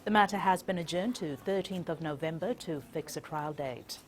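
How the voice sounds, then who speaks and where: A woman news anchor reading scripted bulletins in a measured, formal way from a TV studio. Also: sits low.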